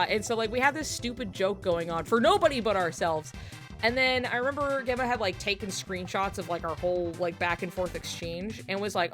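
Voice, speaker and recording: A woman's voice: medium pitch, a little fast, fairly bright tone, soft background music. Rambling woman streamer telling a story. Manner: rambling, filler-heavy, breaks into laughter. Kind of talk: casual storytelling to stream chat. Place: home streaming setup while drawing.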